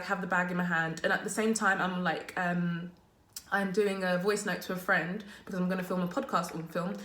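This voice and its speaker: A woman's voice: mid-range voice, fairly bright tone, reverberant, slight background noise. A woman vlogger telling an exasperated story to camera from a messy makeshift office. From abroad, living in Germany. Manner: exasperated, fast, full of "like" and "literally". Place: small makeshift office at work.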